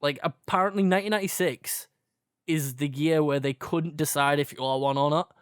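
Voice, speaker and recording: A man's voice: on the high side, fairly quick, smooth, no echo, studio quality. A man, co-hosting a podcast in rambling, laid-back casual chat full of swearing. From England, near Liverpool. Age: 20s. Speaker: podcast co-host.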